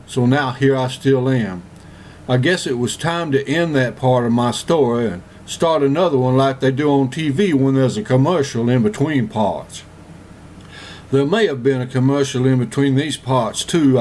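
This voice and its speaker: A man voicing Forrest Gump, a gentle, slow-witted Southern man, in a comedic first-person monologue with a slow, earnest, rambling drawl and a Southern US accent. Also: medium pitch, a little hiss or hum, lightly acted.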